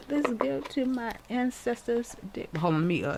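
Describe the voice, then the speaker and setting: Excitable chatty tarot reader. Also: medium pitch, measured pace, vocal fry, hardly any pauses, noisy background. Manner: excitable and chatty, often repeating words and laughing; addresses viewers directly and warmly encourages them. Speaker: tarot reader and channel host. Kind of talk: casual tarot reading to viewers.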